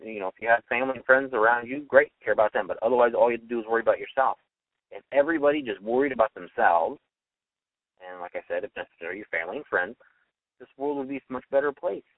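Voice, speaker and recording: A man's voice: mid-range voice, quick pace, no echo, distant mic. A young man giving an opinionated solo monologue as a radio host, arguing his point and acting out quoted voices. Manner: argumentative, acts out quoted voices. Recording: tinny phone-line sound from off-mic.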